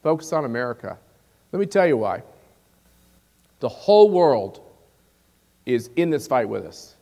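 A man's voice: big pitch swings, measured pace, vocal fry, mellow. A man giving a rousing, folksy speech to a conference audience. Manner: rousing, folksy, drops low on closing phrases. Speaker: conference speaker. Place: large convention hall. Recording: long hall reverb.

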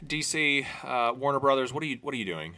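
Bright-voiced man rambling about movies. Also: medium pitch, expressive, fast. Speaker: podcast co-host. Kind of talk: casual movie chat.

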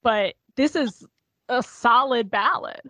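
A woman's voice: on the high side, takes it slowly, pushed and bright, no room sound. A woman co-hosting a casual podcast discussion, chatting loosely and peppering her speech with "like". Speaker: podcast co-host.

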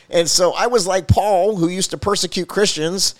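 Male pastor, quick earnest testimony, dry close sound. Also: high-pitched, no echo. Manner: earnest storytelling with rising emphasis. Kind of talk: personal faith testimony.

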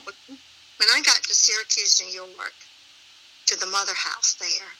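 A woman's voice: medium pitch, unhurried, vocal fry, pushed and bright, slight background noise, poor audio. A middle-aged woman, a religious sister, earnestly telling a personal story as a guest and often laughing as she speaks.

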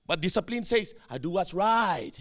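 High, animated pastor. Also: male voice, moderate pace. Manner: emphatic preaching with sudden shouted bursts and call-and-response. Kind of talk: sermon.

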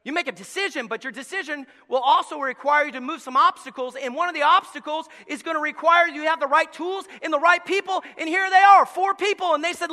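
A man preaching a sermon as pastor, telling the story with acted-out voices, going from quiet asides to loud shouts. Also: extremely high pitch, a little fast, hardly any pauses. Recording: long hall reverb.

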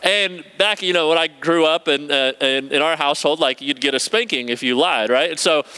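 A young man preaching a sermon, telling personal stories in a conversational, animated way and reading scripture aloud. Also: a little high, moderate pace, clear, resonant tone. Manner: storytelling, conversational, animated retelling.

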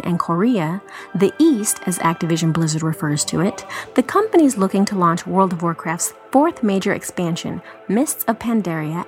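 A woman podcast co-host reading a news article aloud, steady with joking asides. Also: medium pitch.

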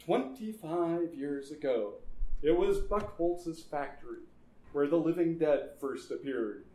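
A man voicing a scheming, gloating mad scientist who talks slowly and breaks into wild laughter. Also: a little high, darkish tone. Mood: grim. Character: scheming male mad scientist, cackling, older. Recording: echoey room.

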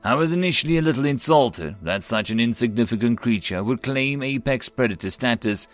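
A man's voice: mid-range voice, lively intonation, a little fast, faint music behind, close to an everyday voice. A man voicing the proud, mocking spirit of a planet, a female being speaking through an alien in a story reading.

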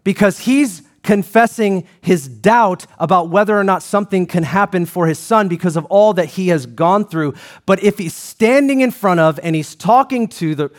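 A man with a fairly high voice preaching from the pulpit. He drives home points with rhythmic repetition, then drops low for quieter asides. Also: moderate pace. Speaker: pastor. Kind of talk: sermon.

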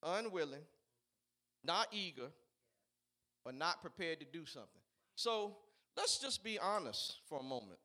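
A man preaching a sermon, swinging between shouted, fiery peaks and quiet, conversational asides. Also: a little high, sing-song, unhurried, long pauses. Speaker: pastor.

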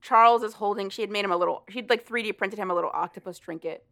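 This is a woman in casual conversation, retelling a story with lots of energy. She swears freely and breaks into laughter often. Her voice sits at a middle pitch. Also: fast. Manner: animated, profane, laughs often while retelling. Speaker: podcast co-host recapping a story. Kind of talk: casual chat.

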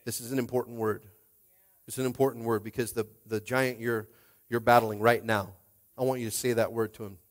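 A man preaching a rousing sermon, swinging from hushed asides to shouted climaxes. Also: medium pitch, little pitch movement, fairly quick. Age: adult with a young child. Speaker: pastor.

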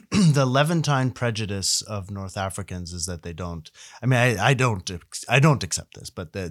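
A middle-aged man from Canada, a guest researcher, telling stories in a casual, animated way and often correcting himself mid-sentence. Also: lowish voice, no echo, studio quality. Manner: animated, self-correcting, frequent fillers. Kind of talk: casual conversational storytelling.

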